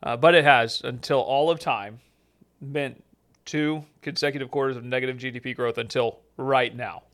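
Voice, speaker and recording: A man's voice: medium pitch, steady tone, moderate pace, a bit bright. Joking man hosting a podcast. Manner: joking, sarcastic. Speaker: podcast host and immigration lawyer. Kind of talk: casual podcast chat.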